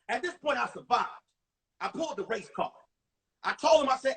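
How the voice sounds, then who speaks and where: Animated New comic telling stories. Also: male voice, very high-pitched, brisk, long pauses. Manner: animated, acts out voices. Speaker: comedian. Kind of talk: stand-up storytelling. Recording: distant mic on a phone livestream.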